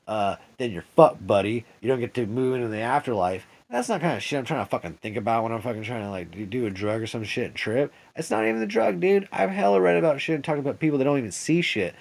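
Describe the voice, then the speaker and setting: A man's voice: mid-range voice, a little mellow. A man telling a rambling, profane story straight to camera in a vlog, agitated and paranoid, full of "dude" and "like" and restarts.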